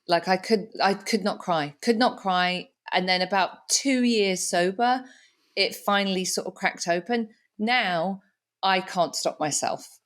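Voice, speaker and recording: A middle-aged woman hosting a podcast, talking candidly and reflectively, with frequent restarts. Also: mid-range voice. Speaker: podcast host. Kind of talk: casual conversation.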